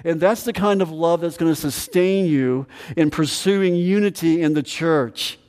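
A man's voice: on the high side, measured pace, a little mellow, big-room sound. A man preaching a sermon as pastor, emphatic, repeating phrases and asking the congregation questions. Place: church sanctuary.

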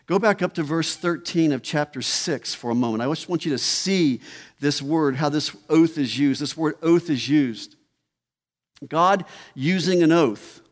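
A man preaching an expository sermon, emphatic, repeating key phrases and slowing down for weight. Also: fairly high pitch. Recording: long hall reverb.

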